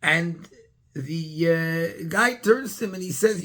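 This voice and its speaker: A rabbi tells a story in a Torah class with a gravelly, husky voice. He stops often to hunt for words and restarts his sentences. His voice sits fairly high for a man. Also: fairly bright tone. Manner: halting, searching for words, many restarts.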